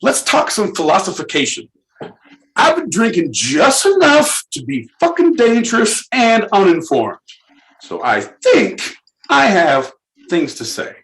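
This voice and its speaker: Animated joking man co-host. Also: high voice, takes it slowly. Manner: animated, jokey and profane. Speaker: podcast co-host. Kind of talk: casual comedy chat.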